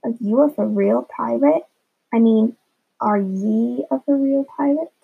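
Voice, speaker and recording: A woman voicing an excitable young boy who is eager and full of pirate games. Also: fairly high pitch, unhurried, creaky, slightly rough, exaggerated voice. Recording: dull lo-fi recording.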